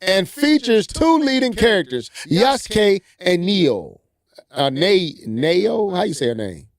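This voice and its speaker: A man's voice: sits high, big pitch swings, takes it slowly, dry recording, studio quality. A man co-hosting a casual gaming podcast, reading an article aloud and breaking off with playful asides. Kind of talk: casual gaming news chat.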